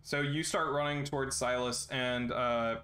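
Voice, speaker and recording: A man narrating a tabletop game as game master in a relaxed, steady way with frequent fillers. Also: mid-range voice, measured pace, roomy sound.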